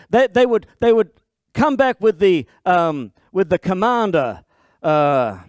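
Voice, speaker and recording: A man preaching a sermon as pastor, explaining lively and playfully, often restarting his sentences. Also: sits high, no echo, clean studio sound.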